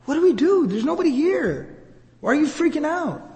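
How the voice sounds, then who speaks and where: Baffled relatives protest in raised, puzzled voices, as a man puts them on. The delivery is high and insistent. A long reverb hangs in the hall. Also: sing-song, moderate pace, a little mellow. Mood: bewildered. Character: bewildered family insisting nothing is wrong.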